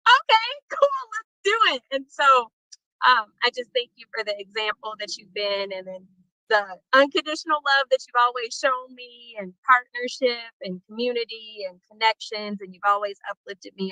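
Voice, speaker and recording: An emotional woman accepting an award over a video call, laughing often and speaking informally. Her voice is high-pitched, bright and tense, with a dry, close sound. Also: moderate pace, dry recording, rough recording. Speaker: award recipient. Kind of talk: thank-you speech on a video call.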